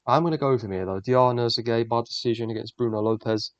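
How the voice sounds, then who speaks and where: A man's voice: medium pitch, quick pace, no echo. A young man, the host, giving blunt, profane, rambling fight predictions in casual solo commentary. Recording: dull lo-fi dry recording.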